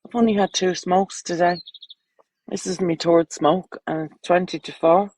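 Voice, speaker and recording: A woman's voice: fairly low pitch, fairly even intonation, moderate pace, darkish tone, low-quality recording. An Irish woman with children, chatting bluntly and crudely on a casual livestream, rambling from topic to topic. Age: adult, with children.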